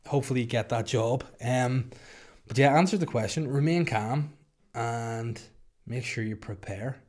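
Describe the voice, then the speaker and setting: A young man with a Northern Irish accent, a comedian hosting a solo podcast and chatting casually with jokey, rambling deadpan asides. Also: mid-range voice, a little slow. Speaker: podcast host and stand-up comedian.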